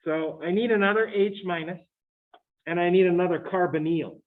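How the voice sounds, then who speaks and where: A fairly high-voiced man teaching chemistry in a relaxed, chatty way and breaking into joking asides to his students. His recording sounds thin and tinny, like it came down a phone line. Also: moderate pace. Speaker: chemistry lecturer. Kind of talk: recorded lecture. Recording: tinny phone-like lecture audio.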